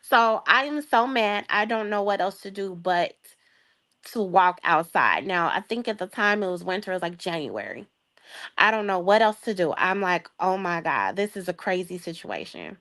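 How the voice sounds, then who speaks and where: Animated woman telling a story. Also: on the low side, moderate pace. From Chicago area. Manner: lively, acts out quoted voices, laughs often. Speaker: guest. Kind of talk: animated storytelling in a casual chat.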